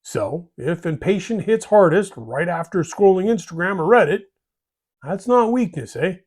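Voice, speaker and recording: A man's voice: sits high, lively intonation, normal speed, a little mellow. A man hosting a hobby channel, delivering a scripted monologue in a folksy way, ending lines with "eh?" and "bud".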